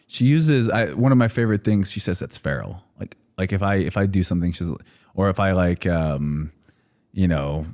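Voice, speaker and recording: A man in his thirties with a slightly low voice, chatting loosely as a podcast guest. He rambles through stories, laughing often and padding sentences with "like" and "you know". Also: moderate pace, darkish tone. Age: 30s. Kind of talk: casual chat.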